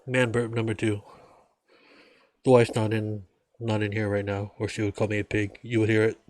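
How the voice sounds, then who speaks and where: Drawling man, low and dry. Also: flat delivery, fairly quick, darkish tone, no room sound. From United States. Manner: rambling, drawling, folksy. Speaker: vlogger. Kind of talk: casual beer-drinking monologue.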